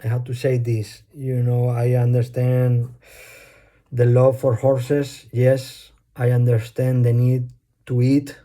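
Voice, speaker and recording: A man's voice: medium pitch, monotone, takes it slowly, mellow. A man with a Spanish accent, a native Spanish speaker, rambling bluntly through a casual monologue and swearing offhandedly.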